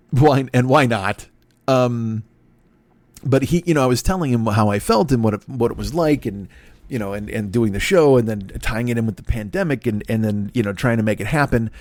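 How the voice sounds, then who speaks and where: A man's voice: medium pitch, a little fast, darkish tone, no room sound. Man, 40s, podcast host, rambling, swearing, self-deprecating, dry close sound. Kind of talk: solo comedic monologue.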